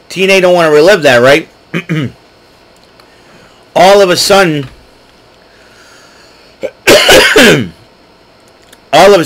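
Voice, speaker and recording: A man hosting his own show, recapping events in a chatty, excitable way and clearing his throat often. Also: on the high side, low-quality recording. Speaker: podcast host. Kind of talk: casual solo recap.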